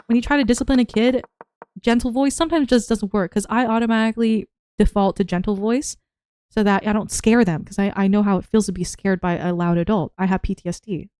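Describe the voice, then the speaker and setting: A young woman, a part-time teacher, rants in a rambling, animated way, with her voice worn from shouting. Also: medium pitch, smooth, dry recording, clean studio sound. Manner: rambling, animated storytelling with acted-out quotes. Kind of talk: casual ranting vlog.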